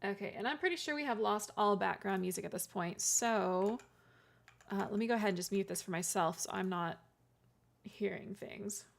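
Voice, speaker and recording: A woman's voice: medium pitch, normal speed, vocal fry. A woman streamer chatting casually with her live chat, giggly and self-deprecating, often restarting her words. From California.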